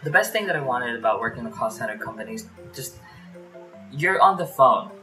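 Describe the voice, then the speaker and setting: A Filipino man with a medium-pitched voice vlogs from his small bedroom about his call center days, a fan humming nearby and music playing under his speech. He tells the story in a loose, chatty, brisk, animated way, full of fillers, acting out his phone calls along the way. The recording is rough.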